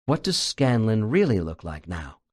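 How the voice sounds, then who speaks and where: A man voices a patient hypnotherapist who asks steady, reassuring questions in a calm tone. The pitch moves in a lively way even when he is soothing. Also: normal speed.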